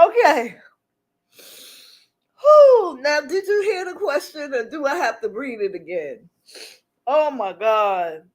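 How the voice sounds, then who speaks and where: A woman's voice: high-pitched, animated, normal speed, few pauses. A woman hosting a casual livestream who talks to her chat, reads the comments aloud and laughs often. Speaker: livestream host.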